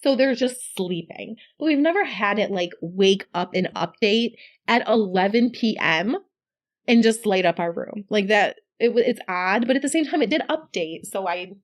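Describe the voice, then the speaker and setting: Podcast co-host, woman in middle age, chatty, animated storyteller. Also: medium pitch, moderate pace. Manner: chatty, animated when quoting, laughs often. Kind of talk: casual storytelling chat.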